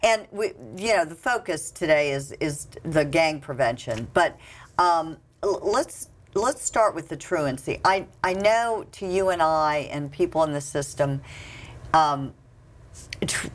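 Chatty woman hosting an interview, low voice. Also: slow pace, a little hiss or hum. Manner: chatty, frequent restarts and fillers. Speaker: talk show host. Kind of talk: casual interview.

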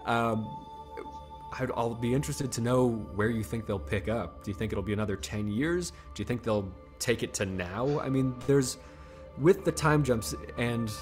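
A man of middle pitch co-hosts a casual podcast chat. He muses aloud in a relaxed way and keeps the talk going with follow-up questions. Faint music sits behind him. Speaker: podcast co-host.

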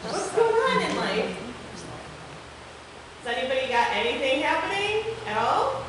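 Lively, high-voiced woman reading to children. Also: unhurried, a crowd in the background. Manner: warm, encouraging with children. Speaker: children's time leader. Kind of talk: children's message and storybook reading. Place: church sanctuary. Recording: echoey sanctuary with background noise.

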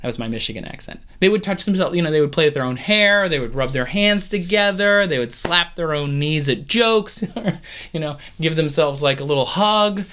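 Lively, playful male science host. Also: on the high side, normal speed, smooth. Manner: playful, animated, jokey asides. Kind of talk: casual science explainer. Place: at home.

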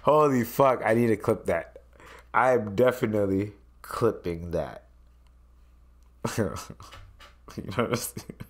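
A man's voice: on the low side, takes it slowly, long pauses. A man hosting a solo podcast, talking in a loose, profane, joking way. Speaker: podcast host.

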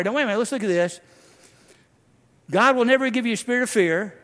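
A male pastor preaching a sermon with passion, swinging between loud, driving declarations and hushed, intimate passages. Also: high voice, animated, normal speed. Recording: long hall reverb.

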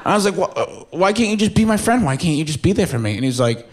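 A man's voice: high-pitched, big pitch swings, quick pace, noisy background. A young man with a New York accent, from Staten Island, telling a story in a stand-up set and acting out his friends' voices. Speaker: stand-up comedian. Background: audience laughter.

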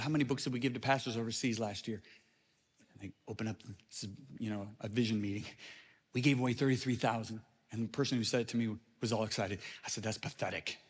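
A middle-aged man preaches a storytelling sermon at an ordinary middle pitch. He drops into quiet asides and then climbs to loud, emphatic peaks. A long reverb from the big church hall trails each phrase. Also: slightly rough. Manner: animated, swings from hushed to shouting.

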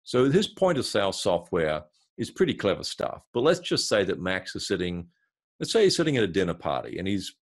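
Appearing as an interview guest, a marketing consultant explains his ideas through a lively, step-by-step storytelling example. He has a deep voice and a brisk pace.

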